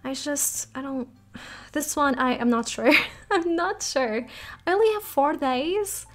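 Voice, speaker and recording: A woman's voice: high voice, a little slow. A woman hosting a let's play, chatting and thinking aloud in a giggly, casual way as she plays. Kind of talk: casual gameplay commentary.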